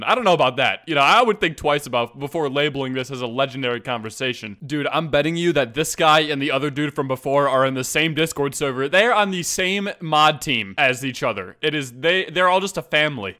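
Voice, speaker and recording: A man giving joking, animated commentary on online posts, his voice sitting a touch higher than most men's. He jumps between playful asides and mock-serious remarks, and soft music plays faintly underneath. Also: brisk, few pauses. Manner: joking, animated, frequent laughter. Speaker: YouTube commentator. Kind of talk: comedic reading commentary.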